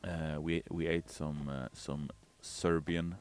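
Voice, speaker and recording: A man streaming, casually reading viewer messages aloud in a loud, playful, chatty way. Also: a bass voice, flat delivery, slow. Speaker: game community streamer. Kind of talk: casual livestream chat.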